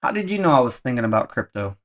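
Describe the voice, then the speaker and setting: A man's voice: mid-range voice, very animated, fast. A man streaming live, playfully questioning an AI assistant in casual chat.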